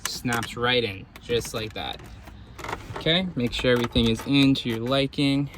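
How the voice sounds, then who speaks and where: Man, mid-range voice, garage repair walkthrough, relaxed step-by-step talk, clear shop noise behind. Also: mid-range voice, moderate pace. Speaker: mechanic.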